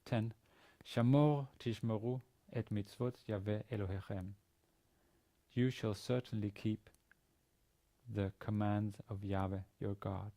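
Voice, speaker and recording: A man's voice: lowish voice, measured pace, warm tone. A man teaching a university Biblical Hebrew lesson, reading sentences aloud, translating them and explaining the grammar step by step. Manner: methodical, reads Hebrew then translates and explains. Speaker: university lecturer.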